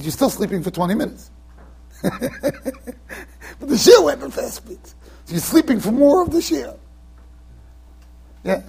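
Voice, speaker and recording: Man, rabbi, very high voice, husky, animated, joking, repeats phrases. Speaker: rabbi giving a Torah lecture. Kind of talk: informal Torah lecture. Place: yeshiva lecture hall.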